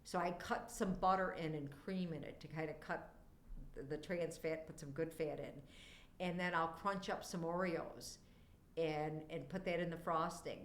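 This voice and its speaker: A woman's voice: deep voice, fairly even intonation, measured pace, echoey room. An older woman chatting casually with viewers on a live stream, affectionate and prone to wandering off on tangents. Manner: warm, affectionate to chat viewers. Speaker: livestreamer.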